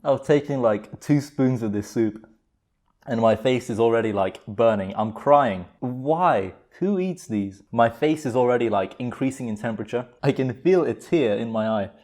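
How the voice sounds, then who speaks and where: A man's voice: mid-range voice, normal speed, a little mellow. Chatty man eating on camera. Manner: rambling, self-mocking, exclamatory. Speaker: channel host. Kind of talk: casual vlog chat while cooking and eating.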